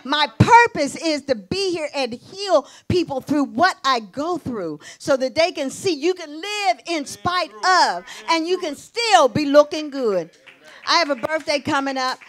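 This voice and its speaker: High-voiced woman preaching a sermon. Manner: emotional testimony, shifting between hushed and exclaiming. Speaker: pastor.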